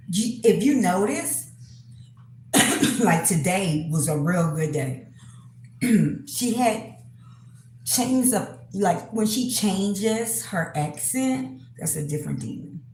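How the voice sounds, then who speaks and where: A woman hosting her own channel, talking casually to viewers in a halting way, with many pauses and fillers and frequent throat-clearing. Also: mid-range voice, lively intonation, dark tone, echoey room, slight background noise, poor audio. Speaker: spiritual reader, channel host. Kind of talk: casual monologue to camera.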